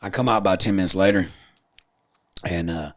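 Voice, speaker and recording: A man in his thirties, a podcast host and comedian, telling crude stories in an animated, profane way. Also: low-pitched, a little fast. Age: 30s. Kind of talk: casual chat.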